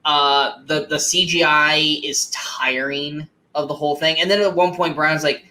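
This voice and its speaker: A man's voice: fairly high pitch, steady tone, a little slow, hardly any pauses, bright, forceful tone. A man co-hosting a movie podcast, ranting emphatically and swearing in casual review chat.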